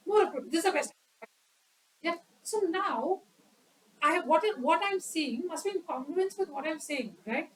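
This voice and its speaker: A woman's voice: extremely high pitch, animated, moderate pace, a bit bright, recorded from a distance, poor audio. A woman giving an educational talk on public speaking at a club meeting, quizzing the audience and acting out examples.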